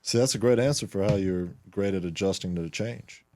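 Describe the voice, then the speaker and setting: A man hosting a casual podcast, dropping short reactions and quick questions. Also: on the low side, darkish tone, no room sound. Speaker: podcast host.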